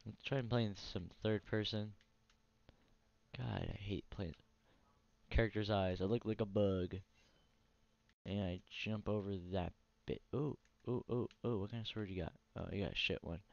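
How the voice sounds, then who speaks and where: A man's voice: on the low side, normal speed, creaky, long pauses, dry recording. A tired man ranting profanely and bluntly while commenting on his own console gameplay. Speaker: gaming channel host. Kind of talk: casual let's play commentary. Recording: dry, dull lo-fi mic.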